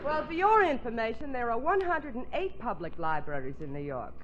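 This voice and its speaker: A woman's voice: fairly high pitch, big pitch swings, a little fast, crowd noise, noisy background. Woman co-host, patient wife in a 1940s radio comedy, dull lo-fi broadcast. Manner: patient, correcting wifely tone. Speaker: singer and co-host. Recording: muffled old radio broadcast.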